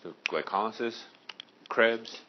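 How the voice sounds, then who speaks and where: Man, teacher, casual lecture, joking with students, classroom, low voice, dull recording. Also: takes it slowly, background noise. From Maine. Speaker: high school science teacher.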